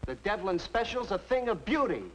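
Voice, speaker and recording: A man's voice: high voice, very animated, moderate pace, noisy background. An actor playing a defiant, sarcastic young man in a 1950s TV sitcom. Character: cocky young man, stubborn rival pal.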